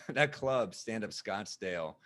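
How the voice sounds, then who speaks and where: A man in his thirties, a comedian co-hosting a casual chat, telling a story and acting out the people in it with loud, high bursts. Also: lively intonation, takes it slowly. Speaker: podcast co-host, comedian.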